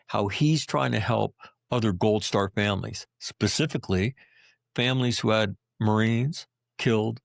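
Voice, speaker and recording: A man's voice: lowish voice, vocal fry, no echo, clean studio sound. A middle-aged man, a veteran guest on a podcast, tells emotional personal stories in a blunt, profane way, often checking in with "right?" and "you know".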